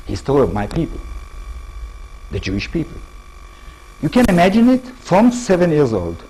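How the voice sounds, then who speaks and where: A man with an Israeli accent giving a lecture to an audience in halting English, often restarting words and checking in with his listeners. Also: a little high, darkish tone, slightly rough, poor audio. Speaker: author giving a public talk.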